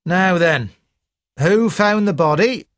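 A man playing a brisk, businesslike middle-aged police inspector from a storybook mystery, pitched high. He puts his questions in a clipped, matter-of-fact way, recorded close and dry. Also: animated, a bit bright, dry recording, full character voice.

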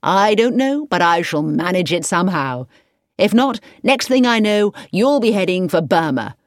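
A woman's voice: fairly low pitch, big pitch swings, moderate pace, no echo, clean studio sound. A woman reading the part of an earnest, lovestruck young man in an audiobook, speaking in an earnest, pleading way. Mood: insistent. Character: earnest young man in love, easily worried.

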